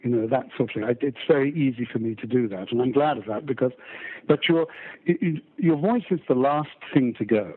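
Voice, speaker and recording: An older man with a baritone voice and a mixed British-American accent, an audiobook narrator chatting in an interview, self-deprecating, with stammering restarts. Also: a little fast, slightly rough, narrow, tinny audio. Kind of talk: casual interview chat.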